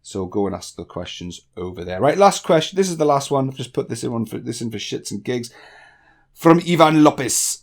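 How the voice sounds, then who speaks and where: A man from northeast England with a softened northeast English accent, answering viewer questions bluntly in a casual vlog. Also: medium pitch, animated, brisk. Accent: northeast English, toned down. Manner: blunt, candid, chatty with swearing. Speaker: YouTube tech tutorial creator.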